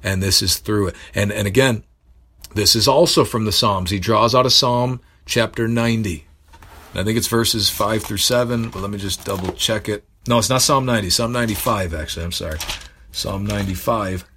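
A man preaching a sermon, earnest and building to emphatic bursts, pausing to correct himself. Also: lowish voice, bright, forceful tone, a little hiss or hum.

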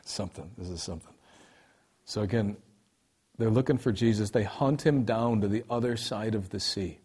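Husky-voiced man preaching a sermon. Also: on the low side, moderate pace. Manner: swings from hushed to loud emphatic preaching; repeats key phrases for emphasis.

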